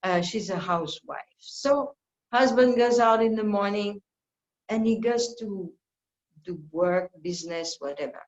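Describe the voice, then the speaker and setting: A woman leads a reflective scripture class, her unhurried sermon-style delivery earnest and deliberate, now and then slipping into little acted-out quoted exchanges. Her voice rings around a roomy space. The recording itself sounds dull and lo-fi. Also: mid-range voice. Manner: slow, earnest teaching with playful acted-out quotes. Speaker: spiritual teacher giving a scripture class.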